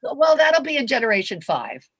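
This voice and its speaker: A woman's voice: sits high, very animated, normal speed, crowd noise. A woman speaking as a convention guest, heartfelt and gushing, often laughing as she talks. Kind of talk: emotional Q&A talk.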